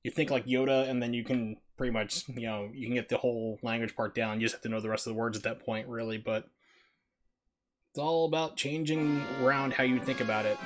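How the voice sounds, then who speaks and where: A male game streamer talks casually in a rambling, joking way. His voice sits at a medium pitch. Faint game music plays underneath. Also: fairly even intonation, a little fast. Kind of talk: casual live-stream chat.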